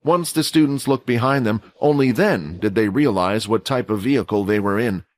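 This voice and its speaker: A man giving steady scripted narration of a fantasy audio story, doing voices for the characters. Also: fairly low pitch, normal speed, no room sound.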